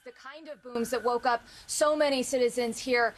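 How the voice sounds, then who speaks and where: A woman reporting live as a foreign correspondent, measured, with frequent fillers. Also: a little high, steady tone.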